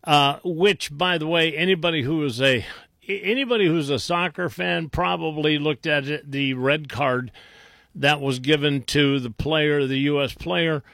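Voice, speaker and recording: An older man talks slowly through a rambling opinion monologue, stopping and restarting often and padding with fillers. His voice sits a little high for a man. The sound is close and dry, with no room echo. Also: creaky, a bit bright. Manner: mocking whiny voices when quoting others. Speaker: political commentator.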